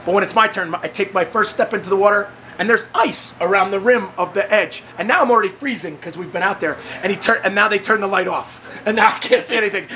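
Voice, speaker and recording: A man hosting, telling a story casually and acting out the voices he quotes with big leaps in pitch. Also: quick pace, hardly any pauses, pushed and bright, slight background noise. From United States. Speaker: host of the fitness training program.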